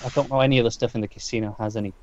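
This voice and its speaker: A man's voice: medium pitch, fairly even intonation, rapid-fire. A man co-hosting a podcast, casually recapping a comic book in a rambling way, full of restarts and fillers. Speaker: podcast co-host. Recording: dull lo-fi dry sound.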